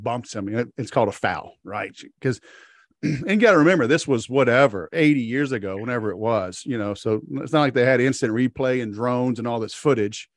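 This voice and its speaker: A man's voice: medium pitch, no echo. Male podcast host, casual rambling storyteller, dry close sound. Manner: rambling storyteller, many fillers and restarts; acts out quoted characters in a sharply raised voice. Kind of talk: casual interview chat.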